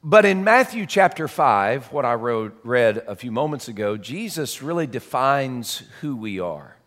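A man's voice: mid-range voice, sing-song, unhurried, a bit bright. A man preaching a conversational sermon as pastor, folksy and chatty with self-deprecating asides, in a church sanctuary. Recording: long hall reverb.

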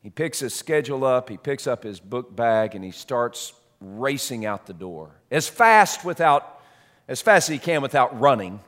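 A man preaching a sermon as a story, dramatic, swinging between loud and soft. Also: medium pitch, big pitch swings, normal speed. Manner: dramatic, shifts loud and soft, repeats words.

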